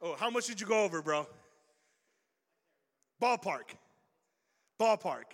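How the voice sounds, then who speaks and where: A man's voice: high-pitched, expressive, measured pace. A young man preaching a youth sermon in a casual, slangy way, quizzing the audience as he goes. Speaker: youth pastor. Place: large hall with audience. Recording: reverberant hall.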